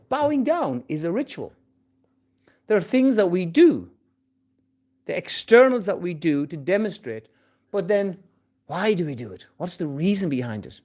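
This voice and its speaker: Man, temple class speaker; lively pitch, somewhat high; storytelling with playful acted voices. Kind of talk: scripture class talk. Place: temple hall.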